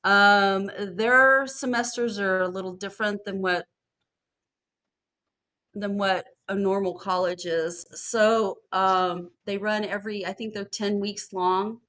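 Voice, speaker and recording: A woman's voice: medium pitch, steady tone, takes it slowly, bright, forceful tone. A woman on a podcast panel talking casually and bluntly, swearing freely as she vents. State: studying for a master's degree. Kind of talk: casual chat.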